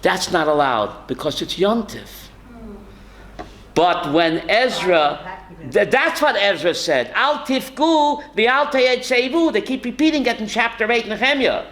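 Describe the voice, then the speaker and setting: Bright, lively rabbi teaching a class. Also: male voice, high-pitched, a little slow, low-quality recording. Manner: lively, calls on students by name, quotes Hebrew sources. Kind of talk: Torah class. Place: classroom with students.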